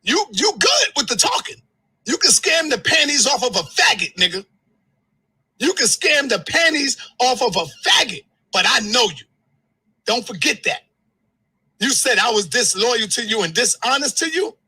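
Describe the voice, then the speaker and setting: A man in an angry livestream rant who shouts, curses and swings his pitch sharply. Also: big pitch swings, moderate pace, breathy edge, low-quality recording. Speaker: live streamer.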